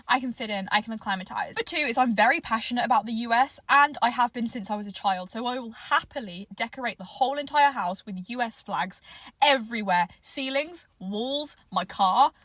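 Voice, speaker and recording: A woman's voice: fairly high pitch, a little fast, a bit bright, dry recording. A British woman delivering a playful, mock-earnest comedic monologue to camera.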